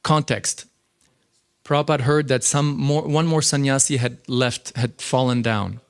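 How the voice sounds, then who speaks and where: In a temple, a man teaches a scripture class, lecturing in a lively, conversational manner full of fillers. His voice sits at a medium pitch and he takes his time.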